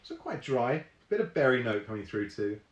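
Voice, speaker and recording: A man's voice: medium pitch, big pitch swings, normal speed, reverberant. A man hosting a live online whisky tasting, chatting casually with many ums and reading viewer comments aloud.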